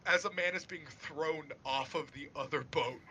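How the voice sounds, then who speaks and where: Running a casual online tabletop game as dungeon master, a man narrates at normal speed in a fairly high voice with a breathy edge. He laughs a lot and shouts out lines for the crew he voices.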